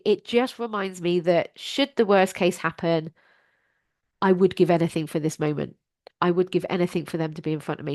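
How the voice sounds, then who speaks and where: A middle-aged woman, a life coach, speaks at a medium pitch directly to listeners on her solo advice podcast. She's earnest, encouraging, plain and direct, and the sound is close and dry, with no echo or room around her.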